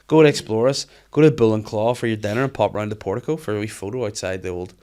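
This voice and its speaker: Guy, quick talker, lowish voice, sweary podcast chat. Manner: swears freely, animated storytelling. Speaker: podcast host. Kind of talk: casual chat.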